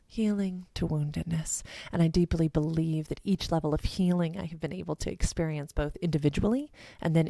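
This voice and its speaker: A woman talks as a podcast guest in a low, gravelly voice. Her tone is warm and mellow, her delivery flowing and earnest, and the sound is dry and close. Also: dry recording. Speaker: guest, sexuality educator. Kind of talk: podcast interview.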